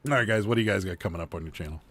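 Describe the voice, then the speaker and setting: A man with a fairly low voice hosts a casual live chat about reselling. He tells rambling stories and laughs often between lines. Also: racing, a bit bright. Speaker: host of a reseller livestream.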